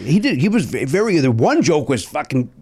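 A man's voice: fairly high pitch, big pitch swings, brisk, crowd noise. A man hosting a podcast in casual chat, joking and swearing as he talks. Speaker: podcast host.

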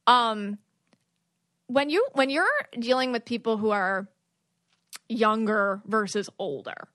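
A woman's voice: fairly high pitch, slow, fairly bright tone, dry recording, studio quality. A woman hosting a podcast, asking questions in a rambling way while searching for words. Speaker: podcast host. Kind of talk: casual podcast conversation.

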